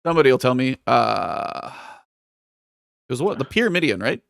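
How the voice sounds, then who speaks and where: A man in casual podcast chat, venting about game changes in an exasperated, ranting way. His voice sits at an ordinary middle pitch. It is recorded close and dry, with no room sound. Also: very animated, moderate pace, creaky, a bit bright, no echo. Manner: ranting, exasperated, reads chat messages aloud. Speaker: podcast co-host.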